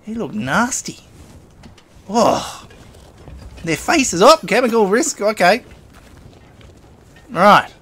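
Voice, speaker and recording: Aussie guy narrating his game, talks kinda high, laughs a lot, gets flustered easy. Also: sing-song, slow, long pauses, pushed and bright, breathy edge. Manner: chatty, chuckling, flustered under pressure. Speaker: gaming channel host. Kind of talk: let's play commentary.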